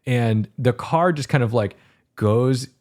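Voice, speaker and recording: A man's voice: mid-range voice, slow pace, darkish tone. A man hosting a podcast, chatting casually and animatedly, with emphatic repetition and some swearing. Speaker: podcast host. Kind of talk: casual chat.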